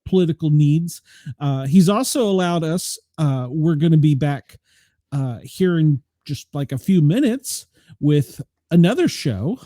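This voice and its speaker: A man's voice: a little high, expressive, a little slow, mellow, no echo, studio quality. Rambling man hosting a live show. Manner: loose, rambling, laughs often. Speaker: podcast host. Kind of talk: casual live radio chat.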